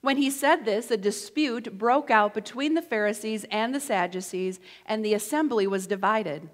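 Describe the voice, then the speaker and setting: A woman preaching a sermon in a lively, conversational way with playful asides. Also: fairly high pitch. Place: church sanctuary. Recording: echoey church hall.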